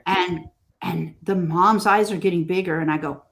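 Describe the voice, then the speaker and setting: A woman mosaic artist being interviewed, telling stories gently and acting out what people say. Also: on the low side, slight background noise. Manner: slow, gentle storytelling with lively quoted voices. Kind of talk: casual interview conversation.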